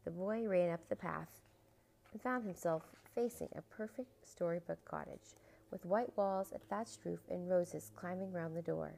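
Woman storyteller, low warm gravelly voice, storybook read-aloud. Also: a little slow, low-quality recording. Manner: expressive, animated storytelling.

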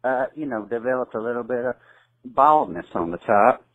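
A man's voice: mid-range voice, animated, moderate pace, no echo, narrow, tinny audio. A man in his twenties from southern Kentucky with a Southern US accent, calling in to a podcast and asking an earnest question with some hesitation. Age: 20s. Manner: hesitant, earnest, lots of fillers. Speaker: caller.

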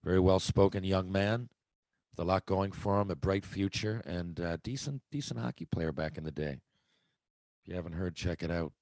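A man's voice: low voice, normal speed, a little mellow, no echo. A man hosting his own podcast, talking casually and rambling from thought to thought. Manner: rambling, conversational, self-interrupting. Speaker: podcast host. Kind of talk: casual solo podcast monologue.

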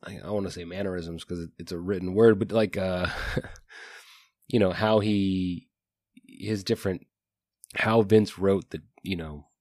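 A man's voice: low voice, fairly even intonation, a little slow, a little mellow, no room sound, clean studio sound. A man co-hosting a casual book discussion, rambling with many fillers and restarts. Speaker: podcast co-host.

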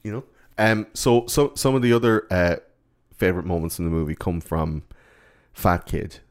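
A man chatting casually about a movie, swearing freely and acting out lines in mocking high voices. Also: fairly even intonation, normal speed. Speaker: podcast co-host.

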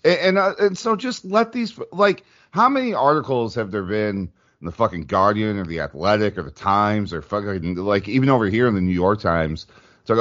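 A man's voice: lowish voice, normal speed, dull audio. A man co-hosting a podcast, swearing and restarting his words in casual chat. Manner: sweary, lively, stammering restarts. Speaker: podcast co-host.

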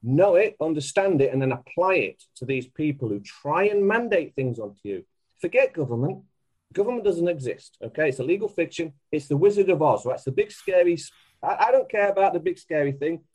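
A man talking as a podcast guest in a casual, emphatic and animated way, laughing often. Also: a little high, fairly quick, low-quality recording.

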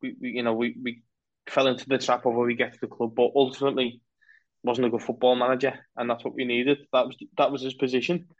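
A man co-hosting a casual football podcast, rambling through animated opinions. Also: mid-range voice, fast talker, dry recording, highs cut off. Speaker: podcast co-host.

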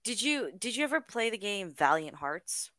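A woman co-hosting a casual podcast, cutting in with questions and quick laughs. Her voice is bright and moves a lot in pitch, recorded close and dry. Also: very animated, no echo. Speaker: podcast co-host. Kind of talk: casual chat.

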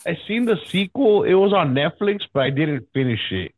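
A man's voice: a little high, very animated, moderate pace, a little mellow, no room sound, rough recording. Laid-back young man, dry close voice. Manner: laid-back, says bro and dude. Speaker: podcast co-host. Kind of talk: casual crude chat.

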